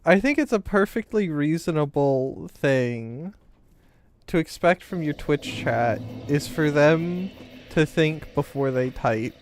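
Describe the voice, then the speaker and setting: High, lively-voiced streamer man. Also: slow pace, a little hiss or hum. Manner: joking, rambling, teasing his chat. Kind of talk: casual gameplay commentary.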